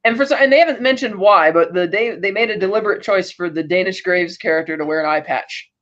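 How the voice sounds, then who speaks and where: High-voiced rambling man, muffled audio. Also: quick pace, a bit bright. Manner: rambling, with many restarts and likes. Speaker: podcast co-host. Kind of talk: casual chat recapping a TV episode.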